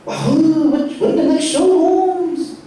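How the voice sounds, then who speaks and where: A man voicing his excitable, slang-heavy, Spanglish-talking uncle from the hood in a stand-up bit. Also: extremely high pitch, slow, voice pushed up. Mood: hyped. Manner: shouty slang-heavy enthusiasm. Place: live comedy show stage. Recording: echoey room, far-off mic.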